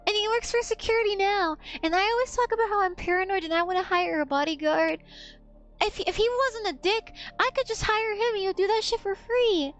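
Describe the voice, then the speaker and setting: A woman's voice: extremely high pitch, fairly quick, soft background music. A woman streamer telling a story in a blunt, profane, rambling way. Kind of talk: casual storytelling on a gaming stream.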